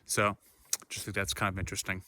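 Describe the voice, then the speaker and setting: A man's voice: deep voice, monotone, brisk, bright, forceful tone. A man vlogging outdoors while he hikes a forest trail, talking casually and rambling with lots of filler words. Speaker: hiking vlogger. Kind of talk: casual vlog narration while hiking.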